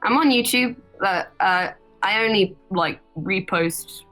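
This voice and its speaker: A woman's voice: mid-range voice, slow, a bit bright, faint music behind, poor audio. A young woman, a voice actress, chatting casually and cheerfully as an interview guest, laughing often. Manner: giggly, chatty, upbeat.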